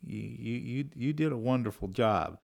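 A man's voice: medium pitch, moderate pace, creaky, a little mellow, muffled recording. A man speaking in a reflective conversation, thoughtful and repeating words as he gathers his thoughts. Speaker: interviewee.

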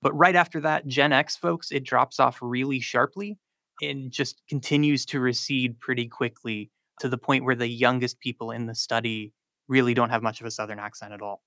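A man's voice: medium pitch, fairly even intonation, moderate pace, bright, forceful tone, dry recording, studio quality. A man from North Carolina, a linguistics professor, explaining his research in a radio interview with frequent likes and ums. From South Charlotte, North Carolina.

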